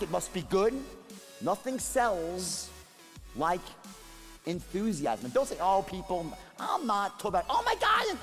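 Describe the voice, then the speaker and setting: A high-pitched man with a very lively, swooping delivery, preaching sales skills at a live seminar. He hammers points home with repetition and call-and-response. His voice rings out in a large reverberant hall over faint music. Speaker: sales trainer. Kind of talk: motivational seminar speech.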